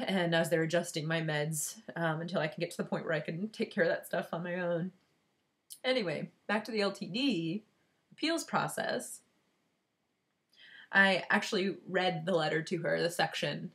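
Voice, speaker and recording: A woman speaks straight to her viewers in a heartfelt, unscripted vlog. She talks candidly, stopping and restarting her sentences, and her voice sits somewhat low for a woman. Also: fairly bright tone. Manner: candid, halting, with many restarts and fillers; earnest and heartfelt. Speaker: vlogger giving a personal update. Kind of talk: emotional personal vlog.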